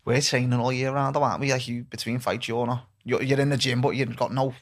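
A young man, a footballer guest, chatting casually and trailing off quietly, saying "lad" a lot. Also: medium pitch, level tone, fast. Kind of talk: casual chat.

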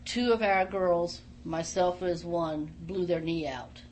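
A woman's voice: on the low side, takes it slowly, a little hiss or hum. A middle-aged woman, a former wrestler and studio guest, tells stories emphatically in a casual radio interview. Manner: animated, emphatic storyteller.

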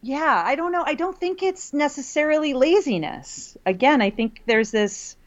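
A woman's voice: sits high, lively intonation, normal speed. Woman co-host, chatty, laughs a lot, lots of fillers, slightly muffled lo-fi sound. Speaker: podcast co-host and college writing teacher. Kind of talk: casual conversation.

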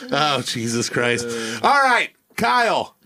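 Man, joking co-host, gravelly edge, bright lively voice. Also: mid-range voice, slow. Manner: joking, rambling with restarts and laughs. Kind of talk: casual comedy chat.

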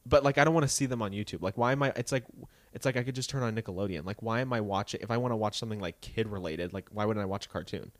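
The gossip here comes from a young co-host whose fairly low voice races along as he animatedly chats about celebrities on a podcast. He slips into put-on voices to mimic people, and the recording has no echo.

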